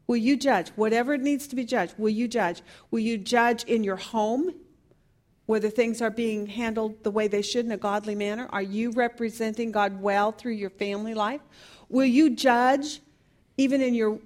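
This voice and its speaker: A woman with a fairly high voice leads a Bible study group. She talks in an earnest, searching way and keeps putting questions to her class. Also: darkish tone.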